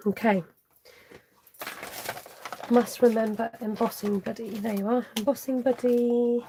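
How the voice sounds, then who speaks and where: A woman runs a live card-making tutorial from her craft desk, talking to viewers and to herself as she works. Her voice sits slightly high with a gravelly fry, and a faint hiss of noise lies behind it. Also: steady tone, unhurried, pauses often, darkish tone. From United Kingdom. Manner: chatty, talks to herself while working, with muttered half-whispered asides.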